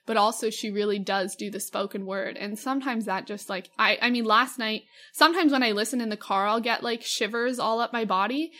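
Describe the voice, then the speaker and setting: A young woman with a slightly high voice co-hosts a casual podcast. She gushes enthusiastically and fills her talk with likes and ums. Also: brisk, few pauses, sharp tone. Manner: gushing, enthusiastic, lots of fillers. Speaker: podcast co-host. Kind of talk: casual chat.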